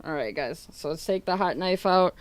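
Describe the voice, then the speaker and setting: Casual woman streamer with a smooth voice. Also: on the low side, lively intonation, moderate pace, no room sound. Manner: laughing, swearing, retelling chats with friends and family. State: coughing. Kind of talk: casual livestream chat.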